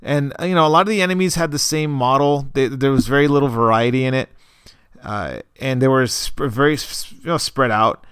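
A man co-hosting a casual gaming podcast, telling an event story in a halting, rambling way with many fillers and restarts. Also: mid-range voice, a bit bright, clean tone, no room sound, clean studio sound. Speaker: podcast co-host. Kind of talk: casual chat.

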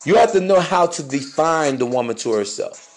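A man with a slightly high voice holds forth on dating, swaggering and preachy, dropping crude words with total confidence. Faint music runs behind him. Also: lively intonation, moderate pace. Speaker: podcast host. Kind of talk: dating advice monologue.

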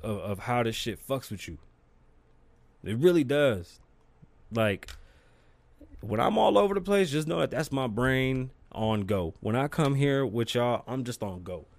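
On his own podcast, a man with a mid-range voice chats casually, swearing freely and telling energetic, animated stories. The recording carries no room sound.

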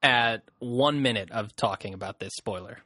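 A man's voice: fairly low pitch, moderate pace, pushed and bright, no room sound. A man co-hosting a podcast in casual chat, laughing often and making crude jokes. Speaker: podcast co-host.

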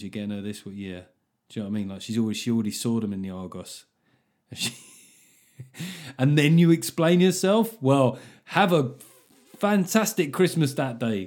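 A man with a British accent hosting a comedy podcast, reading listener letters in a jokey, sweary, casual way. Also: mid-range voice. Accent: British English. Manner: sweary, jokey, animated, laughs often. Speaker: podcast host.

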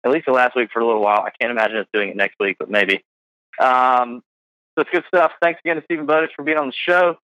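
A man hosts a casual podcast with a bright, forceful voice. He rambles along with plenty of fillers. The sound is dry and slightly dull. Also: medium pitch, quick pace, dry recording. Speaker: podcast host.

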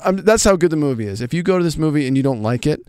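A man's voice: a little high, lively intonation, rapid-fire, warm tone, clear, resonant tone, no room sound, clean studio sound. A man co-hosting a casual chat show, enthusiastic and repeating himself as he reads listener mail. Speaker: co-host reading listener mail.

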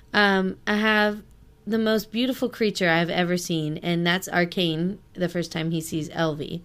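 A woman's voice: mid-range voice, clear, resonant tone. A young woman co-hosting a casual book podcast, laid-back, swearing casually and reading quotes aloud. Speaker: podcast co-host.

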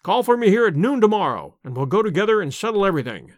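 Man reading eccentric male detective, brisk, confiding, high voice, very dry sound. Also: sing-song, no echo. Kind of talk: audiobook character reading.

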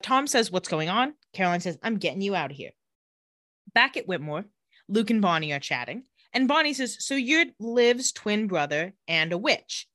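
A woman co-hosts a podcast, chatting through a TV episode and dipping into lower voices for the characters' lines. Her voice is bright and animated, and the recording is dry and close. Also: normal speed, dry recording. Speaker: podcast co-host recapping a TV episode. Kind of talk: casual chat with acted-out quotes.

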